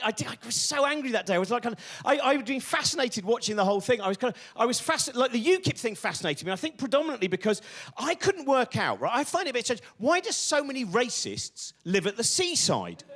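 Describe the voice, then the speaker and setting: A man's voice: very high-pitched, fairly bright tone. A man doing stand-up comedy on stage, ranting and swearing with exasperated energy.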